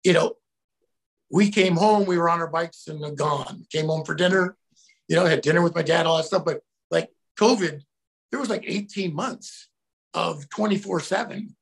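Middle-aged male guest, gravelly and fairly high, animated storyteller who shouts out his quotes. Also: moderate pace. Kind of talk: casual storytelling.

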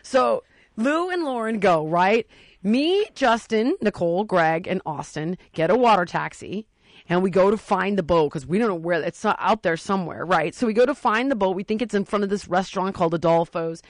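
A woman's voice: mid-range voice, normal speed, no room sound. A woman telling a story in casual podcast talk, acting out the quotes with lots of energy. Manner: animated, acts out quotes.

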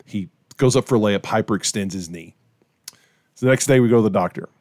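A middle-aged man, a pastor, casually telling a story to his co-hosts with lively acted-out quotes. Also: fairly low pitch, fast talker, no room sound, clean studio sound. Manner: animated storyteller, acts out quoted voices.

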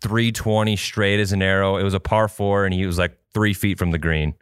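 A man's voice: low-pitched, steady tone, brisk, clean tone, no room sound, clean studio sound. A man co-hosting a podcast, telling a long rambling story in casual chat and swearing freely. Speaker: podcast co-host.

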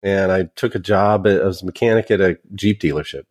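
A man's voice: deep voice, quick pace, darkish tone. A man guest on a podcast, telling stories from his career in a chatty, self-deprecating way and laughing as he goes. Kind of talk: casual storytelling interview.

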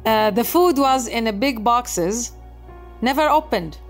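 A woman's voice: fairly high pitch, expressive, unhurried, faint music behind. A woman giving an emotional personal testimony in non-native English, earnest, acting out quoted dialogue and often stumbling over and repeating words. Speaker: storyteller recounting her conversion.

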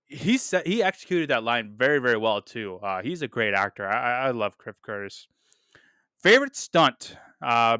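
Man, movie podcast reviewer, bright crisp voice, dry close sound, chatty, filler-heavy. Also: medium pitch, dry recording. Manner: enthusiastic, many fillers, repeats "really, really"; laughs at quotes he reads. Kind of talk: solo casual review.

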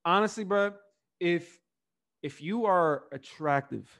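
A man's voice: sits high, slow, vocal fry, fairly bright tone. A young man co-hosting a podcast, talking loosely with lots of fillers and swearing. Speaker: podcast co-host. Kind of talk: casual chat.

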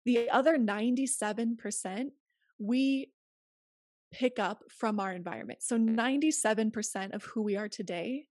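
A woman's voice: on the high side, a little mellow, no echo, clean studio sound. A woman speaking as an interview guest, earnest and emphatic as she gives advice in casual conversation. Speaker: podcast guest.

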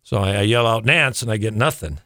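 A man's voice: lowish voice, fast, a bit bright, no echo, clean studio sound. Rambling storyteller man on radio. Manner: rambling, repeats words, chuckles while telling. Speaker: radio guest. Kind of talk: casual storytelling.

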